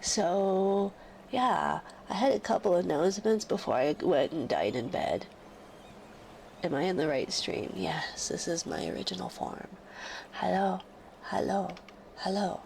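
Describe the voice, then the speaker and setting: A woman chatting casually on her live stream while sick with a fever, often dropping into soft whispers. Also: lowish voice, expressive, creaky, background noise. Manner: slow and soft, drifting into whispers. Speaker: livestreamer. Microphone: close studio microphone.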